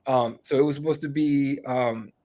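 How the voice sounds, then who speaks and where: A man's voice: mid-range voice, steady tone, moderate pace, darkish tone. A man telling rambling fight stories in a casual podcast chat, full of fillers and swearing. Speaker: MMA reporter, guest.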